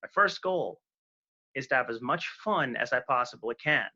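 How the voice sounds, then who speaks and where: A man's voice: mid-range voice, animated, normal speed, bright, forceful tone, dull audio. A young man joining a casual chat as a guest over a video call, upbeat and affectionate.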